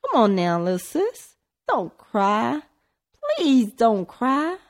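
A woman voicing a boy near his teens, a teasing but soft-hearted big brother with a brash, blustery way of talking. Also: mid-range voice, sing-song, slow pace, pitched above the performer's own voice. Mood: apologetic. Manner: brash, blustery, then awkwardly gentle. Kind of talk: audiobook character voice.

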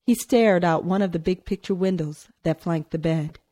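A woman narrating a novel in a measured storytelling manner. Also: on the low side, dark tone. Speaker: audiobook narrator. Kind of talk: scripted narration.

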